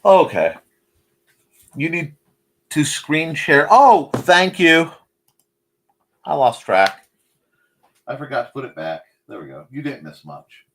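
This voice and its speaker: A man's voice: fairly high pitch, very animated, takes it slowly, long pauses, fairly bright tone. A man hosting a casual live stream, chatting while he draws and talking to his cats in a sing-song voice. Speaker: host.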